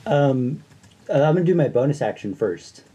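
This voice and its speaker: A woman's voice: rumbling low, expressive, normal speed, dark tone, breathy edge, lo-fi sound. A woman playing a tabletop game, describing her bard's actions hesitantly with many ums. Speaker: player.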